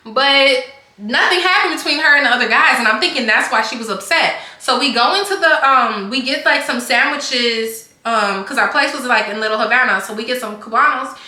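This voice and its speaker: Young woman for a rambling storytime vlog; higher voice, bright tone, echoey room. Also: a little fast. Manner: chatty, rambling, heavy use of "like". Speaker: vlogger telling a storytime. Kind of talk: casual storytime chat.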